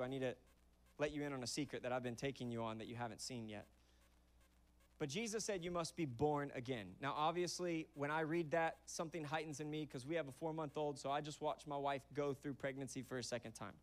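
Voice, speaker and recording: A young man preaching from a church stage with a high, lively voice. He keeps it conversational and animated, slipping into quick bits of acted-out dialogue. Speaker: pastor. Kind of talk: sermon. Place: church auditorium.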